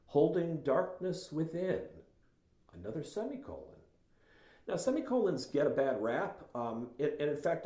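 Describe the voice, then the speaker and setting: A man with a low, mellow voice gives a writing lesson, lingering over words and reading passages slowly with care. He talks in a loose, thoughtful way with small restarts. The sound is roomy, with a noticeable echo. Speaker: writing instructor. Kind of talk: teaching lecture with read-aloud passages.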